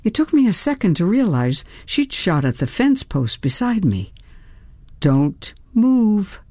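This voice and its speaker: A woman reading a first-person audiobook in a measured storytelling voice that grows tense in the action scenes. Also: mid-range voice, sing-song, a little mellow, slightly rough, dry recording, studio quality. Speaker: audiobook narrator.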